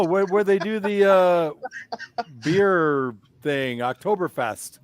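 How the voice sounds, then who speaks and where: A man's voice: sits high, takes it slowly, slight background noise. Joking man with a raised voice. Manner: joking, teasing banter. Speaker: co-host, former football player. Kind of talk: casual sports talk show.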